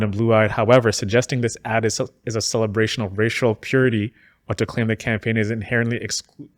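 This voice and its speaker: Brief: lower-pitched male host, steady delivery, dry close mic. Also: no room sound. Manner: measured and steady when reading, brief agreeing replies in chat. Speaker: podcast host. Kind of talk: reading out commentary and casual chat.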